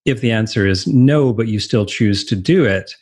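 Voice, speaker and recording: A male interviewer speaks in a conversational way, agreeing with his guest and summing up what was said. His voice sits on the low side and has a husky grain. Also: moderate pace, a little mellow.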